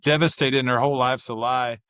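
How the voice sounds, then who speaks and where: A man in casual podcast conversation, spinning family anecdotes and slipping into the voices of his wife and children as he goes. His pitch sits in the middle for a man, and the sound is dry and close with no room around it. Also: fairly quick, clear, resonant tone, dry recording. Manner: animated storyteller, acts out family dialogue. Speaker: podcast guest. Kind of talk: casual chat.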